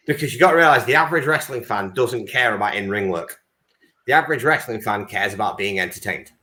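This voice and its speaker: A man's voice: fairly low pitch, expressive, quick pace, bright, forceful tone. A man co-hosting a casual wrestling podcast, explaining things confidently. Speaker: podcast co-host. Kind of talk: casual chat.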